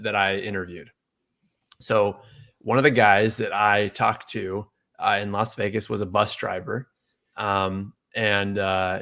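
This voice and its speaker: A man hosting a casual podcast chat, telling a rambling story and getting animated when he quotes people. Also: fairly low pitch, creaky. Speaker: podcast host.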